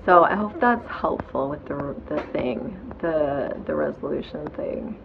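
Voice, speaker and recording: A woman hosts her own show from bed at home, offering casual self-help talk in a frank, chatty way with easy swearing. Her voice is low, gravelly and animated at a measured pace, though the audio is dull with background noise.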